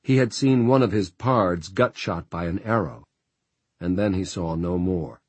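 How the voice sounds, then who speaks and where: A man narrating an audiobook in a measured, even storytelling manner. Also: low voice, breathy edge, no room sound. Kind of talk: scripted narration.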